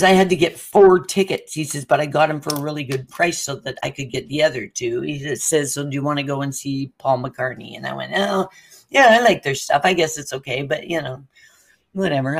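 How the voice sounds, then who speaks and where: A woman telling a long story in casual chat, acting out the lines of the people in it and laughing as she goes. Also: deep voice. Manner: animated, acts out quotes with laughs. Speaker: co-host.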